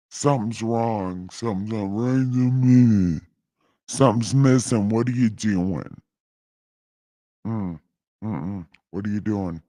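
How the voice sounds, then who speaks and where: Guy playing a pushy impatient god, yells and cusses, slow drawl, dry sound. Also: lowish voice, no room sound. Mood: suspicious. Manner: loud calling, swearing. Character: bossy impatient God, male, gamer. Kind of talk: comic storytelling.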